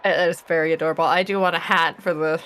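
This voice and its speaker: A woman's voice: low-pitched, fairly even intonation, fast talker, a bit bright, smooth. A woman playing a tabletop role-playing game, talking eagerly and chattily as she describes her character's ideas. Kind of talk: casual in-character banter.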